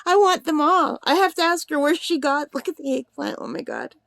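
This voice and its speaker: A woman's voice: sits high, a little fast, gravelly, fairly bright tone, no room sound, clean studio sound. Giggly, overtired woman craft vlogger. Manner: giggly, gushing, rambling. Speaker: craft channel host. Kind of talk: casual unboxing vlog.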